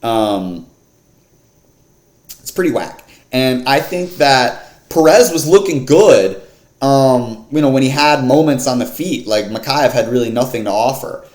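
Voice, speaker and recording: A man's voice: medium pitch, lively intonation, measured pace, darkish tone. A man casually breaking down an MMA fight card in slangy, filler-heavy talk. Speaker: MMA fight picks vlogger. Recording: echoey room.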